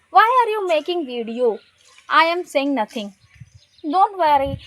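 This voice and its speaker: A woman's voice: high-pitched, very animated, a little slow, a bit bright, no echo, low-quality recording. A woman whose first language is Hindi, vlogging outdoors in a village, encouraging learners with hesitant, repetitive phrasing. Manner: hesitant, repeats words, encouraging. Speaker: vlogger teaching English. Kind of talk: casual motivational vlog.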